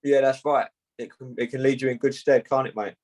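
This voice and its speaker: A man's voice: mid-range voice, steady tone, a little mellow, low-quality recording. Easygoing man saying "mate". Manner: laid-back, says "mate" a lot, halting with fillers. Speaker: boxer being interviewed. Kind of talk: casual interview chat.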